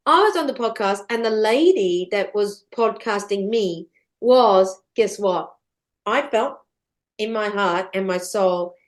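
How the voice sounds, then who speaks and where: A middle-aged woman, a podcast guest telling stories in an animated, chatty way, swearing freely and laughing often. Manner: swears freely, laughs often, big swings in pitch and loudness. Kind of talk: animated storytelling chat.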